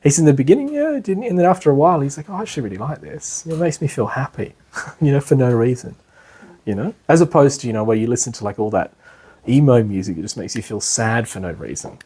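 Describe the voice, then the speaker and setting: Very animated and fast-talking, a young meditation teacher gives his class a loose, rambling lecture full of "you know," asides, and laughter. His medium-pitched voice is mellow and husky.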